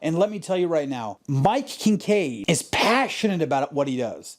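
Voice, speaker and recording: A man's voice: a little high, very animated, moderate pace. A man hosting his own podcast, giving an emphatic, profane motivational talk that keeps repeating its points. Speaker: podcast host. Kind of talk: motivational monologue.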